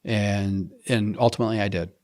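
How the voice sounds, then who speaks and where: A middle-aged man tells his story in a relaxed interview. His voice sits a little low, and he talks in bursts, restarting sentences and acting out what he and others said. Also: normal speed. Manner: animated, acts out his own quotes, frequent restarts. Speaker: program member telling his story.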